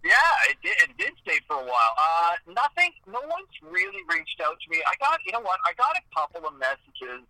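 A man's voice: high-pitched, fairly quick, few pauses, no echo, poor audio. A man from Eastern Ontario, a hockey game commentator, telling stories in a casual chat, full of "like" and restarts. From Eastern Ontario, Canada. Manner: animated storytelling, many "like"s and restarts.

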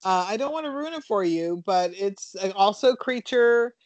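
A woman co-hosting a casual podcast, rambling through movie plots in an animated way, with fillers and the odd swear. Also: medium pitch, moderate pace, dry recording, highs cut off. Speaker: podcast co-host reviewing horror films.

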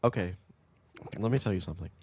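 Deadpan low-voiced man in chat. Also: fast, slightly rough. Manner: wry deadpan quips. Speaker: podcast co-host. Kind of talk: casual chat.

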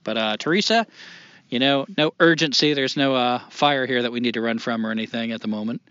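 Bright-voiced casual podcast host, man. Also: mid-range voice, fairly quick, dry recording, muffled recording. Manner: loose, swearing, self-deprecating.

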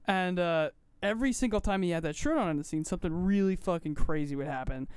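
A man's voice: high-pitched, fast talker, clear, resonant tone, no room sound. A man co-hosting a radio show, chatting casually and laughing often in a laid-back, slangy way. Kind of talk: casual banter. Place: radio studio.

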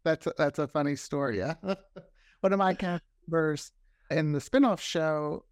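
Guy chatting loose on a podcast, lots of likes, kinda high voice. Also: unhurried, no room sound, clean studio sound. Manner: loose, chatty, many fillers. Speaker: podcast creator and guest. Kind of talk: casual interview chat.

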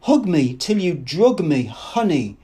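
A man putting on a high young woman's voice. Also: very animated, slow, warm tone, husky, exaggerated voice. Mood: coaxing.

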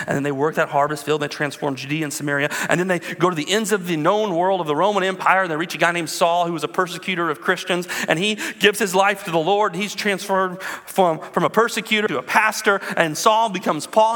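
A man in his thirties, a pastor preaching a sermon with animated storytelling and calls to the congregation. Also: high-pitched, big-room sound.

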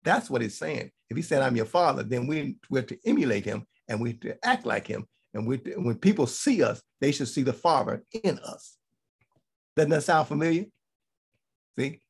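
A man's voice: mid-range voice, lively intonation, moderate pace, vocal fry, breathy edge. A man giving a Bible teaching sermon to a congregation. He repeats his points for emphasis and keeps checking in with "okay?".

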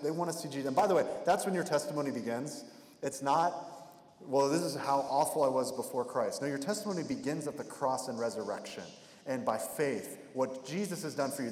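A man's voice: mid-range voice, darkish tone. A male pastor preaching in a conversational way, slipping into the voices of the people he describes. His voice rings through a big hall with a long reverb tail. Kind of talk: expository sermon.

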